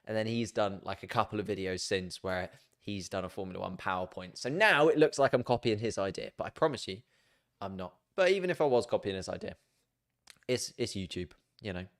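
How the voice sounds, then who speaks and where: A man's voice: lowish voice, animated, a little fast. A man hosting a casual, chatty explainer video, jokey and self-mocking as he banters. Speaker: YouTube host.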